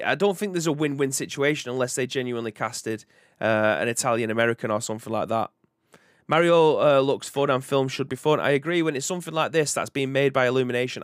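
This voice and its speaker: A British man hosting a live video game podcast. He rambles in a relaxed, chatty way and restarts his sentences often. His voice sits at an ordinary pitch and is recorded close and dry. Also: fast talker, dry recording. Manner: chatty and rambling, reads out chat comments. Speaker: podcast host. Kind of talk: casual live-stream chat.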